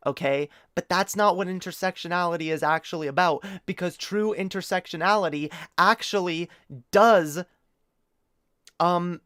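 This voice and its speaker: A man's voice: high voice, no echo, clean studio sound. A man talking to his chat on a live stream, rambling and opinionated, swearing casually among lots of fillers and restarts. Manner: earnest and opinionated, addresses chat directly.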